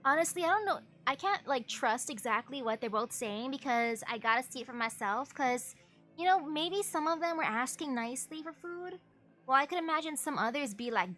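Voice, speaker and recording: A woman's voice: high-pitched, sharp tone. A woman streamer reading a game's story aloud and musing casually about it.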